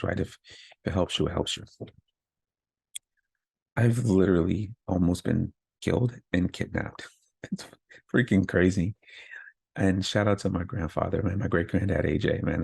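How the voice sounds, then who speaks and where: A man's voice: deep voice, creaky, a little mellow, husky, dry recording. A man hosting his own podcast, talking candidly and earnestly about growing from hardship, often checking in with "right?". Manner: earnest, self-affirming, frequent "right?" asides. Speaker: podcast host. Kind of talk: candid motivational monologue.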